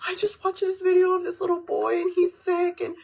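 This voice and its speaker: A woman putting on the voice of her tearful, soft-hearted mother, high and pleading. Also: monotone, fairly quick, background noise.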